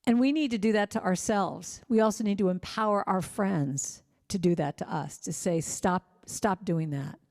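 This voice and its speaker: Woman, middle-aged, mellow voice, gentle heartfelt storytelling, inspirational church talk. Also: mid-range voice, normal speed, hardly any pauses. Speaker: singer-songwriter speaker.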